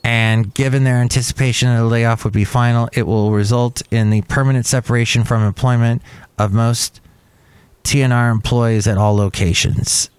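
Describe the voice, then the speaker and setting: A man hosting a podcast, musing over the news in casual chat with lively asides. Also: mid-range voice, moderate pace, clean tone, no room sound. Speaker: podcast host.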